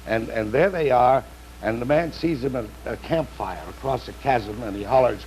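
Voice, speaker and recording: A man's voice: medium pitch, moderate pace, dull audio. A man telling jokes on a 1960s comedy panel show, doing voices in his stories. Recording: faint background noise, 1960s TV.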